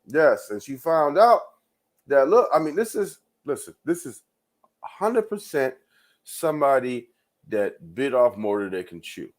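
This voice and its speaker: A man's voice: medium pitch, big pitch swings, a little slow. A man hosting his own show, ranting in loose commentary with frequent profanity, repeated words and laughs. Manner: rambling, profane, repeats himself, laughs often. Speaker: show host.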